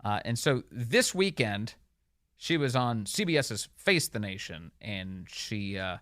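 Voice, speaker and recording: A man's voice: on the low side, sing-song, unhurried, fairly bright tone, no echo, clean studio sound. A man hosting a talk radio show, delivering opinionated commentary in a sarcastic, mocking way and laughing often.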